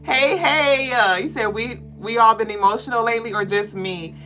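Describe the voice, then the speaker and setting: A woman chatting on her livestream in a bright, forceful voice that sits a little high. She talks slowly and swears freely between excited greetings to viewers. Soft music plays underneath. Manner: excitable, profane, reads viewer comments aloud. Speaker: livestream spiritual reader. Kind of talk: casual livestream chat.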